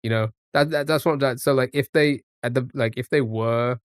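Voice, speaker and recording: A man's voice: mid-range voice, steady tone, moderate pace, clean tone, no echo, studio quality. A man streaming a guessing game, thinking aloud in a rambling way full of restarts and fillers. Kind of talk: casual live-stream commentary.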